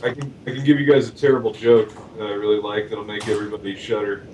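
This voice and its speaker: A man's voice: on the low side, flat delivery, quick pace, a little mellow. Tired man telling bad jokes, mic far off. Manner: playful, giggles at own jokes. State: tired from little sleep. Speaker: livestream co-host telling jokes. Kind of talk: casual joking chat. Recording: distant mic with faint noise.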